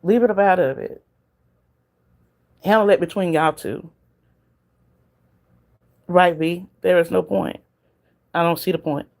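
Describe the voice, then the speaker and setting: A woman's voice: on the low side, measured pace, vocal fry, pauses often, a little mellow. A woman with a Southern US accent hosting a casual livestream, talking straight to viewers in the chat and laughing often. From Southern United States. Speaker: livestream host.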